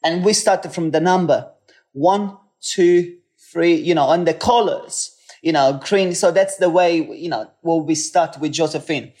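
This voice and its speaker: A man's voice: fairly high pitch, measured pace, a little mellow. An Italian man with an Italian accent, a podcast guest chatting casually in English, his second language. He laughs often and repeats words while he searches for them. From Italy. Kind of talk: casual chat.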